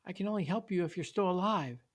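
A man's voice: medium pitch, normal speed, dark tone, lightly acted. A man voicing a stern, worried mother who speaks sharply and raises her voice. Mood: tender.

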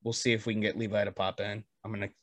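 A man's voice: lowish voice, flat delivery, rapid-fire, fairly bright tone, dry recording. A man hosting a podcast in loose, profane, joking chat while plugging merch. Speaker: podcast host.

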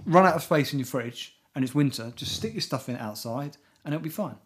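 A man co-hosting a comedy podcast, talking in a quick, animated, jokey way. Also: medium pitch. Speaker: podcast co-host. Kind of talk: casual comedic chat.

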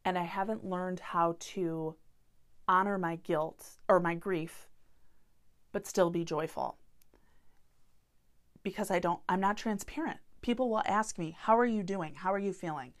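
A woman in her thirties hosts a solo podcast and speaks in a sincere, open-hearted way. Her voice sits a little low for a woman, and she talks candidly about hard feelings. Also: unhurried, long pauses. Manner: earnest, heartfelt and openly vulnerable. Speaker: podcast host.

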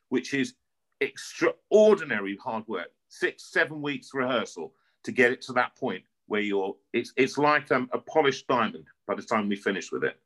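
A man's voice: mid-range voice, rough recording. A middle-aged man from North London with a North London accent, an opera singer telling stories in a casual interview and often repeating words as he goes. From North London, England. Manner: animated storyteller, repeats words as he talks.

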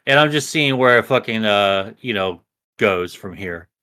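A man co-hosting a casual podcast, rambling and swearing a lot, a little high as he talks. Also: expressive, a little slow, pushed and bright, clean tone. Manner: rambling, profane, restarts a lot. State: a bit high. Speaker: podcast co-host. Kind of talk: casual chat.

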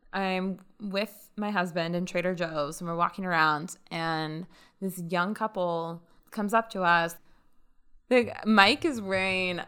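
A woman casually telling a story on a podcast, chatty and animated, acting out what others said. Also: lowish voice, clean tone. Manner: chatty, animated retelling with quoted dialogue. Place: lives in Las Vegas.

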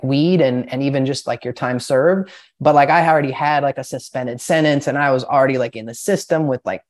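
A young man telling a long personal story in a casual podcast chat, rambling and profane, with lots of filler words. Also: on the high side. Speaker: podcast guest.

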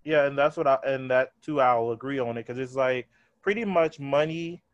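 A man co-hosts a casual podcast and speaks emphatically, drumming the same phrase over and over to make a point. His voice is mid-pitched and recorded close and dry. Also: moderate pace, dry recording, lo-fi sound. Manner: emphatic, hammers points with repetition. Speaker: podcast host.

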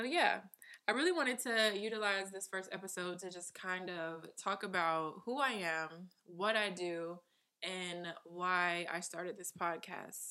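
A woman's voice: lowish voice, pushed and bright. A woman in her twenties hosting a podcast from her home studio, talking casually and emphatically, often laughing. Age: 20s. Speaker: podcast host. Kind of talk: casual chat.

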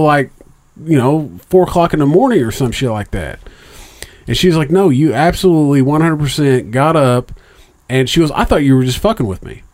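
A middle-aged man rambles through a personal story in casual, profane chat. He stumbles over restarts and fillers. His voice jumps up in pitch when he acts out what others said. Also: animated, brisk, a little mellow.

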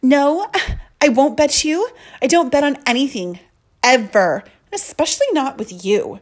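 A woman reading aloud, voicing a snippy schoolgirl who talks in a sharp, scornful way. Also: high-pitched, expressive, a little slow, pitched above the performer's own voice. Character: girl classmate, snippy and scornful.

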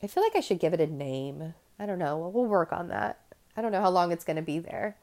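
Woman podcast host, lowish voice, candid and rambling solo talk straight to listeners. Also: sing-song, a little fast, darkish tone. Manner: candid and rambling, with restarts and asides. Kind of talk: casual podcast monologue.

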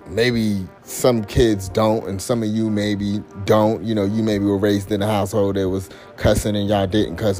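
A man hosting a casual commentary podcast, talking in a loose, rambling way with heavy swearing and constant fillers. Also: fairly low pitch. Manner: profane, rambling, lots of fillers. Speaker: podcast host.

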